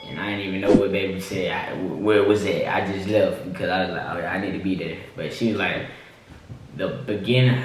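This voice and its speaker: A young man, talking to the camera in a relaxed vlog style, repeating himself and leaning on fillers. His voice sits on the low side. It is recorded from a little distance in a very echoey room with a faint hiss behind it. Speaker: vlogger. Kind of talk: casual storytelling to camera.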